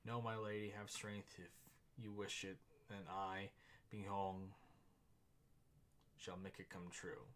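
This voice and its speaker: A man's voice: low voice, level tone, slow, pauses often, a bit bright, slight background noise. A man reading aloud the lines of a devoted, naive old man in love, in a plain reading voice. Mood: earnest.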